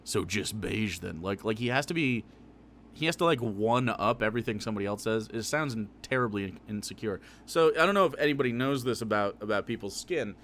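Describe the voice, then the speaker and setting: A man's voice: mid-range voice, lively intonation, fast, a bit bright, a little hiss or hum. A man live-streaming his reaction to a video, swearing freely, laughing and talking back at the screen.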